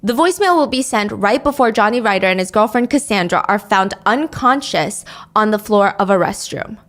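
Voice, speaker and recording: A woman with a medium-pitched voice narrates a true crime case. She dwells on grisly details and reads quotes out as she tells it. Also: expressive, brisk, fairly bright tone.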